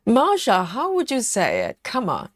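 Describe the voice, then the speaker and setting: A woman's voice: fairly high pitch, huge pitch swings, normal speed, no echo, clean studio sound. A woman hosting a live stream, chatting casually and reading viewer comments aloud, teasing them playfully and laughing often.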